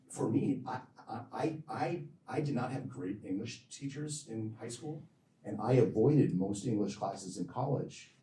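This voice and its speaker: A man with a low, mellow voice answers audience questions after a lecture, rambling, breaking off and repeating his words. He sounds far from the microphone in a roomy, echoing hall, with faint noise underneath. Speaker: physician giving a lecture.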